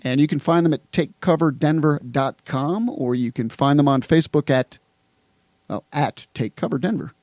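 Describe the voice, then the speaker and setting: A man's voice: a little high, moderate pace, darkish tone, dry recording. A man hosting a local radio music show, reading announcements in a casual way and stumbling over his words now and then. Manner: stumbling, tongue-tied reading of a script.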